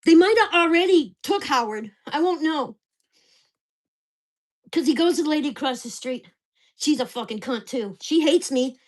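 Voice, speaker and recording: A woman's voice: high voice, animated, moderate pace, long pauses. An older woman venting angrily and profanely in a casual vlog rant. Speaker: vlogger.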